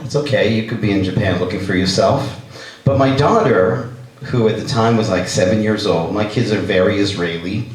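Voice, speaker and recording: Rabbi, lively lecturer, big reverberant hall, mic set well back. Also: male voice, mid-range voice. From Canada. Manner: animated, acts out characters. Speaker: rabbi, speaker. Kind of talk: humorous lecture with stories. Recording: echoey hall, distant mic.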